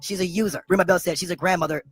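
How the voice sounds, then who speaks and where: A man's voice: sits high, steady tone, racing, faint music behind. A man streaming a profane, repetitive rant on his own channel. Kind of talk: ranting commentary.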